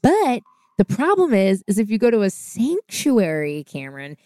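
A woman guest on a podcast telling a long story in a casual, animated way, acting out the voices of people she quotes. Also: mid-range voice, moderate pace, no echo, studio quality.

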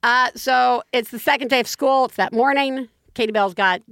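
A woman's voice: moderate pace, vocal fry, clean tone, no room sound, studio quality. A woman co-hosting a podcast, telling a parenting story in casual chat, her voice leaping up when she gets exasperated. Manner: animated storytelling, voice jumps high when exasperated. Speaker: podcast co-host.

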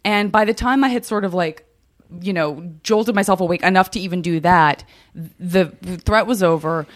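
A woman's voice: lowish voice, moderate pace. A young woman hosting a podcast in casual chat, telling a story with many restarts and easy laughter. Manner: chatty, hesitant restarts, laughs easily. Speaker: podcast host.

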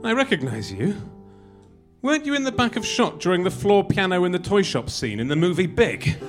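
A man's voice: high-pitched, big pitch swings, a little fast, soft background music. A man playing an old one-eyed prison warden in a live comedy reading, with a put-on thick Turkish accent and a menacing, smutty manner. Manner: menacing, then gleefully smutty.

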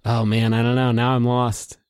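A man co-hosting a casual podcast, swearing freely as he rants about a reality show. His voice sits at an ordinary pitch for a man and is recorded close and dry, with no room sound. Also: moderate pace, smooth, no echo. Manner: profane, animated ranting. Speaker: podcast co-host. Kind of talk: casual recap chat.

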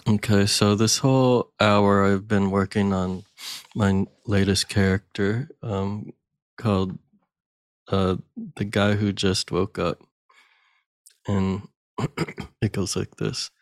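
A man co-hosting a comedy podcast in a deadpan way. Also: lowish voice, no room sound. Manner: deadpan, very slow. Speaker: game show co-host.

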